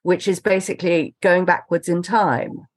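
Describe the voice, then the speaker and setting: Woman panelist, thoughtful and measured, dry close recording. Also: fairly low pitch, fairly even intonation, husky, no echo. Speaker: book club panelist. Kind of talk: casual chat.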